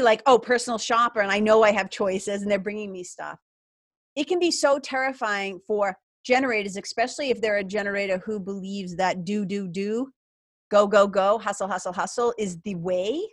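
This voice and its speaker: A woman's voice: medium pitch, dry recording, clean studio sound. A middle-aged woman being interviewed, telling a personal story with laughter and acted-out quotes of her own thoughts. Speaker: guest.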